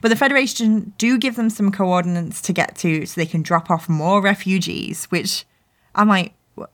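A woman with a mid-range voice co-hosts a podcast recapping a show's episodes, talking at normal speed in casual chat. She giggles often, swears freely, and acts out the characters' lines.

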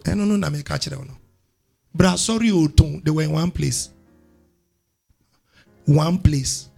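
A male pastor preaches a call-and-response sermon, pushing into loud exhortations. His voice sits high for a man, gravelly and a bit husky. Faint instrumental music plays softly behind him. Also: unhurried, long pauses.

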